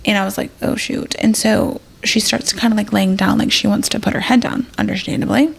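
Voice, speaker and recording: Here a gravelly-voiced woman shares something personal on a podcast, her mid-range voice steady and moving fairly quickly. Fillers pepper her easygoing, meandering telling, and she plays out each person's words in the moment. There's the air of an emergency nurse working through an experience.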